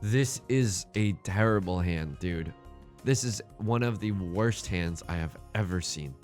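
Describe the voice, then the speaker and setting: A man's voice: sits low, measured pace, a little mellow, soft background music. A man hosting a game let's play, commenting with jokes and swinging between mock despair and hype.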